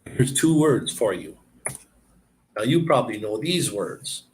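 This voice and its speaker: A man chatting casually and explaining words, halting and searching for words as he goes. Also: medium pitch, big pitch swings, slight background noise. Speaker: person explaining language to a visitor. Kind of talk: casual chat.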